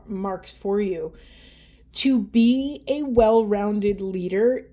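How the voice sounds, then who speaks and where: A woman's voice: medium pitch, dark tone. A woman giving a heartfelt spiritual card reading, speaking directly and earnestly to her viewers. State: tearful and emotional. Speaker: tarot and oracle card reader.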